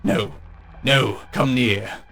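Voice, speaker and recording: A man voicing a pained, menacing mutated creature from a game, in a slow, low, dragging voice. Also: vocal fry, fairly bright tone, husky, faint music behind, full character voice. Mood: anguished.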